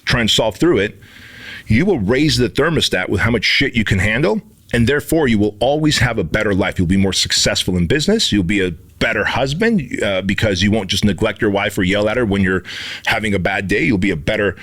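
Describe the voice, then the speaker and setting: A man co-hosting a podcast, telling stories in an animated, profane way and acting out the quotes in them. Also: fairly low pitch, fairly quick. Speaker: podcast co-host and instructor. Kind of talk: casual podcast conversation.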